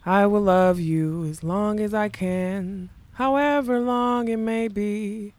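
A woman singing a young prince's slow love song. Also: medium pitch, darkish tone, dry recording, lightly acted. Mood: tender. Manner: slow, sung.

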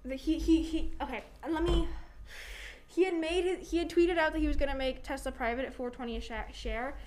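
Young female podcast co-host, high voice, rambling chat, faint room noise from an oversensitive mic. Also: a little fast, darkish tone. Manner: rambling, many fillers and restarts. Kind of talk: casual chat. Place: home room.

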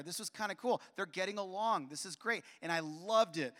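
Man, 40s, preacher; high voice, animated storytelling, long hall reverb. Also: fairly quick. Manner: animated, with repeated restarts and acted-out dialogue. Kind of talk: personal storytelling sermon.

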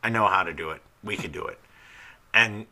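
Young man, podcast co-host, casual and animated, bright forceful delivery. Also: on the low side, normal speed, slight background noise. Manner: animated, swears freely, loud bursts when quoting scenes.

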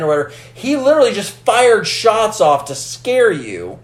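A man in casual film discussion, animated, acting out movie lines as he retells scenes. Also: sits high, moderate pace, few pauses, roomy sound. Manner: animated, acts out movie lines in character voices.

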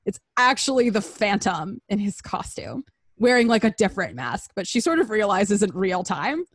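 A woman's voice: medium pitch, big pitch swings, normal speed, breathy edge, no room sound. Crude, rambling comic host, woman, dry close recording. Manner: crude, rambling, lots of fillers. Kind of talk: comedic plot recap.

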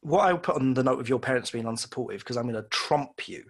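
A man's voice: medium pitch, animated, fast talker, husky. A man, a guest on an interview, telling casual, rambling, self-deprecating stories and acting out the voices of people he quotes. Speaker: illustrator guest. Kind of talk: casual storytelling in conversation.

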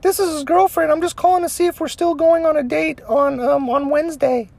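Fake girlfriend on a prank call, young woman, high sweet falsetto, innocent act; a man voicing her. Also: fairly even intonation, fairly quick, gravelly, a little mellow. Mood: sweetly innocent.

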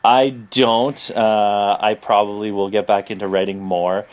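Laid-back Canadian man, low voice. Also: flat delivery, unhurried. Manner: laid-back, self-deprecating, many fillers. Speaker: podcast co-host. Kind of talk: casual chat.

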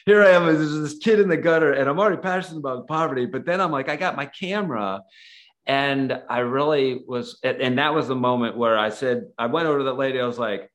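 A man's voice: medium pitch, brisk, fairly bright tone. A man telling a personal story in a casual, earnest way, rambling and full of "like" fillers. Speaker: guest, photographer and nonprofit founder.

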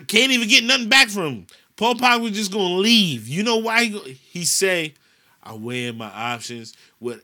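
A man's voice: sits high, normal speed. A man from the United States, ranting in a casual chat on a podcast and cursing a lot. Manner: animated ranting, heavy cursing.

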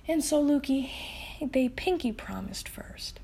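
A woman's voice: high-pitched, sing-song, unhurried, slightly rough. A woman improvising a children's story, playful, counting aloud and dropping into whispers.

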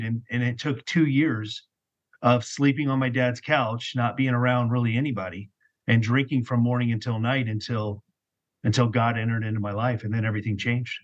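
Husky-voiced man telling his story. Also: medium pitch, steady tone, moderate pace, lo-fi sound. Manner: candid, repeats words when telling his story. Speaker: podcast guest. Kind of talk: casual storytelling.

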